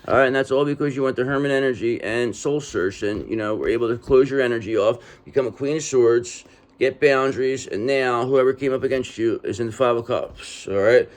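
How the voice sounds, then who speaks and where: A man's voice: medium pitch, a little fast. Man giving a streetwise tarot reading. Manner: street-talking, repetitive, reassuring with frequent "okay?". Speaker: tarot reader. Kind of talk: casual tarot reading monologue.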